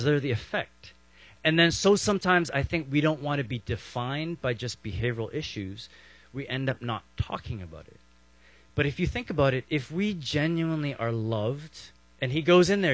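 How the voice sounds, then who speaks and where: A man's voice: mid-range voice, fairly bright tone, no room sound. A man in his thirties, a pastor, preaching a sermon in a conversational way, with rhetorical questions and playful acted asides.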